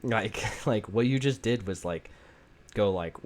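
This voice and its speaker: A man's voice: on the low side, takes it slowly. A man hosting a podcast, rambling in casual chat with lots of fillers and swearing. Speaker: podcast host.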